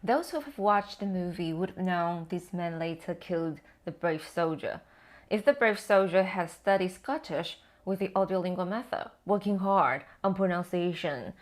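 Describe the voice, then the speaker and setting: A woman educator giving a scripted lesson on language teaching, with measured, explanatory delivery. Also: lowish voice. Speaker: TESOL educator.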